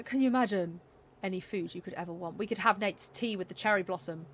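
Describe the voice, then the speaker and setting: A woman's voice: mid-range voice, fast talker, a little hiss or hum. Brief: English streamer, a woman from the south, easygoing rambling chat over gameplay, laughs a lot. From England. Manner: chatty and rambling, laughs often. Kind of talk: casual gameplay commentary.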